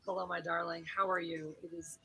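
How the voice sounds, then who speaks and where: A woman's voice: on the low side, little pitch movement, brisk, very noisy. A woman hosting a casual livestream, chatting to viewers, greeting them by name and dropping into whispered asides. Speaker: livestream host.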